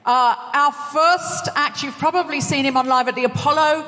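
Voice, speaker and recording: A woman's voice: sits high, fairly even intonation, normal speed, sharp tone. A woman hosting a live comedy podcast, bubbly and teasing as she introduces acts. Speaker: host. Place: large concert hall, live on stage. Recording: long hall reverb.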